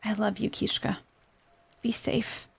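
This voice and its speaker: A woman voicing a shaky, meek, tearful mother in a hushed, near-whispered tone, as whispered role-play. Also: medium pitch, flat delivery, takes it slowly, vocal fry, husky, exaggerated voice. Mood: tearful, pleading.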